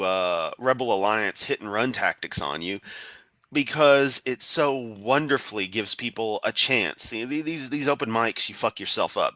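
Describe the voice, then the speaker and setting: A man's voice: fairly low pitch, sharp tone, no echo. A man giving sarcastic, profane, rambling commentary on a live stream.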